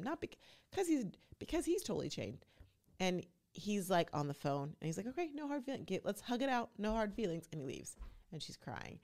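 A woman with a low voice and vocal fry hosts a podcast, casually recapping things with strong opinions. She's animated and acts out quotes as she talks.

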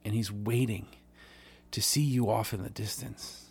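A man's voice: fairly low pitch, steady tone, measured pace, creaky, breathy edge. A man reading a Bible parable aloud, then speaking earnestly about it in a conversational devotional podcast sermon, with frequent restarts. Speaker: podcast preacher.

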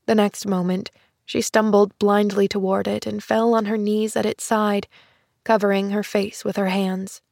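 A woman narrating a classic children's story in a measured, gentle storytelling voice. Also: mid-range voice, level tone, vocal fry, no echo, clean studio sound. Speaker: audiobook narrator.

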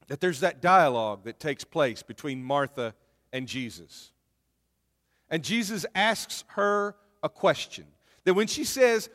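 A man's voice: medium pitch, fairly bright tone. A man preaching a sermon in a conversational way, often repeating words as he speaks. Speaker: pastor. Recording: long reverb of a church hall.

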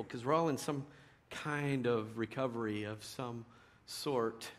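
A middle-aged man preaching a sermon in a conversational storytelling way, dropping to a hush and rising to loud emphasis. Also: medium pitch, unhurried. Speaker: pastor.

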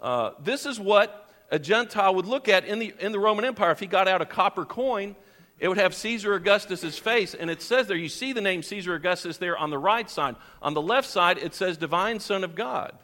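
A man preaching a sermon to his congregation in a church, animated and quizzing his listeners as he goes. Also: high-pitched, fairly quick, long reverb tail. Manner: animated, questions the congregation, chuckles often. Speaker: pastor. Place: church sanctuary.

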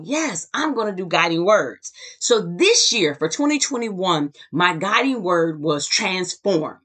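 A woman's voice: fairly low pitch, a bit bright. A woman hosting a motivational podcast as a success coach, enthusiastic and emphatic, often repeating words for effect.

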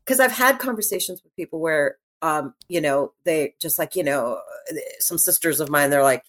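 This middle-aged woman, an actress on a podcast, keeps the interview conversation casual, her pitch sitting a little low. Her speech comes in lively, wandering bursts full of restarts, with "like" and "you know" plugging the pauses.

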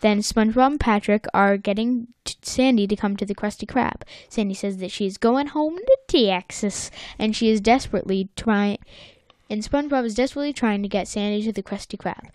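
A woman's voice: mid-range voice, a little fast, darkish tone, no echo, studio quality. A woman in casual chat recapping a cartoon episode, playful and given to acting out quotes. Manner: playful, sings along and acts out quotes.

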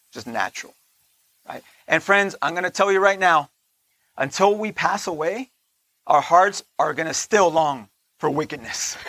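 A man giving a conversational sermon, often checking in with listeners with "right?", slowing down on key points and dropping into soft asides. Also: high voice, dry recording. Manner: slows down to stress points, laughs between lines. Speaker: teacher of a Torah portion.

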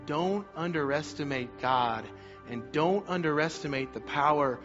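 Brief: a male pastor mid-sermon, energetic, faint music underneath. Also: a little high, a little slow, highs cut off. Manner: energetic preaching, asks the congregation to repeat lines.

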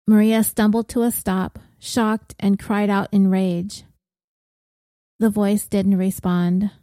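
A woman reading a serial audiobook story in a measured, even manner. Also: mid-range voice, no room sound, studio quality. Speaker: narrator. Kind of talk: audiobook narration.

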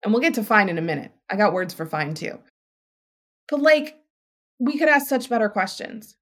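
A woman hosting a podcast as a healthcare provider, talking in a chatty, emphatic way and acting out quoted voices with big jumps in pitch. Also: very animated, moderate pace. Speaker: podcast host. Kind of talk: casual podcast monologue.

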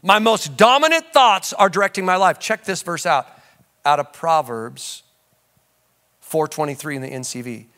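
A man preaching a sermon as pastor, animated, swinging from shouts to low asides and calling out to the congregation. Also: normal speed. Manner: conversational storytelling with audience call-outs.

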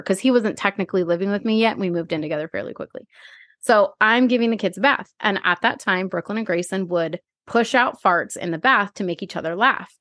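Woman, 30s, podcast co-host, animated storyteller, very dry close sound. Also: mid-range voice, no echo. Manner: animated storyteller, acts out her own gagging and quotes. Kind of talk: casual chat.

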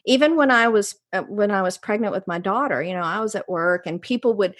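A woman's voice: medium pitch, brisk. A middle-aged woman from North Carolina with a Southern accent, telling stories as a guest in an interview and slipping into voices when she quotes people. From North Carolina, USA. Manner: animated, jumps into voices when quoting people. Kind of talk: casual storytelling interview.

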